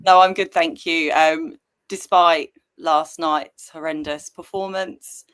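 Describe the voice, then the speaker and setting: A woman's voice: low voice, fairly even intonation, takes it slowly, fairly bright tone, smooth. A woman on a podcast panel, chatting casually in an upbeat way. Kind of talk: casual live-stream chat.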